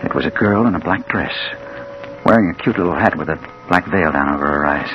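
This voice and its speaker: An actor playing a hard-boiled crime reporter who narrates in a dramatic, emotional way, in a 1940s-style radio drama on an old hissy broadcast recording. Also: male voice, low voice, fairly quick, lo-fi sound. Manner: dramatic, emotional, swings from hushed to urgent. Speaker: narrator and lead.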